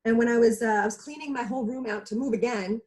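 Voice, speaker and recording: A woman's voice: on the high side, fast talker, a little mellow, rough recording. A woman chatting earnestly and effusively on a talk show over a video call, with many fillers. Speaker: regular of a women's talk show. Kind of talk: casual heartfelt chat.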